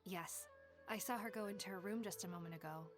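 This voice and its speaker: A woman's voice: mid-range voice, brisk, over music, lightly acted. A woman voicing a polite, helpful adult female ranger in a video game. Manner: courteous, helpful.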